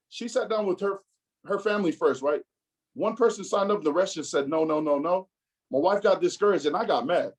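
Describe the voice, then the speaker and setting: A man in his thirties giving an animated motivational talk, acting out quotes as he tells his story. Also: high voice, poor audio. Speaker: business speaker.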